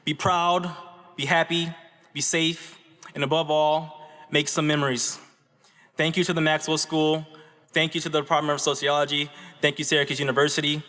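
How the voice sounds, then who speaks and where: Fairly high-pitched with a sharp tone, this man speaks at a moderate pace and with little pitch movement. He's a Michigan graduate student delivering a convocation speech at a podium in a large auditorium, earnestly telling a story and adding "right?" asides, with echoey reverb throughout.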